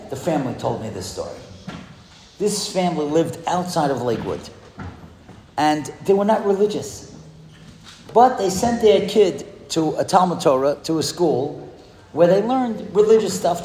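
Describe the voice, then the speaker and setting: Animated male speaker in an echoey hall. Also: slight background noise. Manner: animated, rhetorical questions, swings pitch widely for emphasis. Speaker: rabbi speaking to a school audience. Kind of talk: sermon with storytelling. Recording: echoey hall, heard from a distance.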